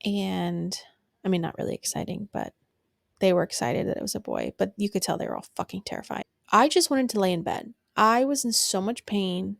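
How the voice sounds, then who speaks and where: A woman's voice: medium pitch, expressive, brisk, vocal fry, no room sound, studio quality. A young woman hosting a podcast, telling a personal story candidly with lots of fillers and some swearing. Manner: candid, swearing, filler-heavy, emotional at times. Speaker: podcast host.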